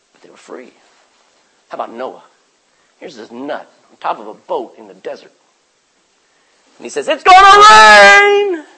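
Male pastor, husky and slightly high, emphatic sermon delivery that drops from loud to near-hushed. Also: poor audio.

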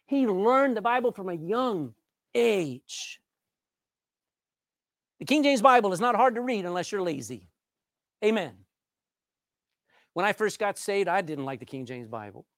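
Male preacher, emphatic sermon delivery, swooping pitch, dry close sound. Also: very animated, fairly bright tone, dry recording. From Texas. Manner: emphatic, with dramatic pauses and drawn-out words.

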